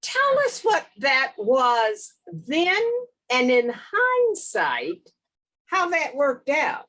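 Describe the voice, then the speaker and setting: Slow, deliberate woman interviewer. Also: high voice, huge pitch swings, bright, forceful tone, low-quality recording. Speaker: interview host. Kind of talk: interview questions.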